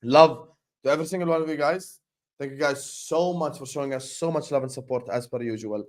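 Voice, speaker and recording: A man hosting a casual football livestream, thanking viewers by name in an excited, chatty way. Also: medium pitch, fairly quick. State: sleepy, yawning. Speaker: host.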